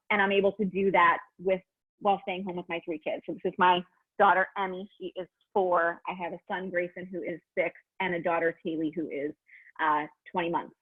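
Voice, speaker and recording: A woman in her thirties, a business coach, telling her story in a chatty, excitable way with lots of fillers. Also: lowish voice, husky. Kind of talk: casual personal testimonial. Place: at home. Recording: tinny phone-like line.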